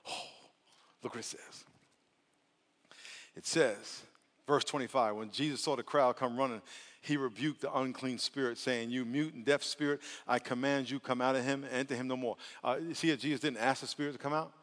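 A male pastor preaching a lively, playful sermon that swings from soft asides to loud outbursts. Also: mid-range voice, normal speed. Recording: long hall reverb.

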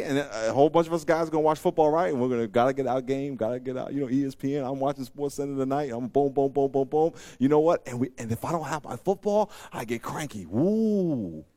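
Male pastor, high voice, dry close sound, emphatic sermon delivery with repeated lines. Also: no room sound. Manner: emphatic, repeats phrases for effect; swings between loud preaching and quiet asides.

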